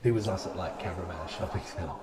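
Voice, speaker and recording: A man's voice: low voice, quick pace, heavy background noise. A man, telling stories in casual chat, animatedly quoting others and swearing. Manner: animated, quotes people, swears. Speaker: co-host.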